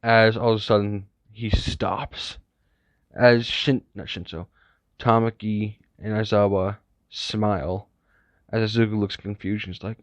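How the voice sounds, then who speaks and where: A man's voice: lowish voice, little pitch movement, a little slow, dry recording. A man casually narrating an improvised fan story, rambling and correcting himself with many asides. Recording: dull, lo-fi, dry recording.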